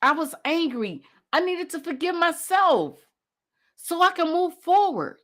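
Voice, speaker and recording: A woman's voice: extremely high pitch, big pitch swings, unhurried, a bit bright. A woman host and coach giving a passionate motivational talk, driving points home by repeating phrases.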